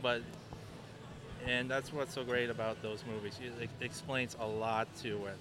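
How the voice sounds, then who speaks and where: A man's voice: mid-range voice, little pitch movement, normal speed, background noise. A man being interviewed at a convention booth, rambling and hesitant with many restarts. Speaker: guest, booth helper.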